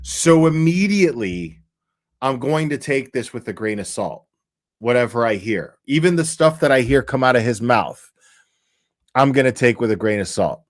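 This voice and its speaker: A man's voice: mid-range voice, animated, normal speed. A man hosting a live stream, reacting to an interview clip in a rambling, profane, emphatic way.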